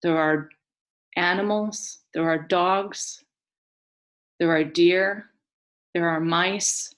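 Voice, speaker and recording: A woman narrates an old myth in a solemn, dramatic storytelling style. Her voice is low-pitched and her pace is slow and deliberate. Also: steady tone. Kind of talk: mythic storytelling.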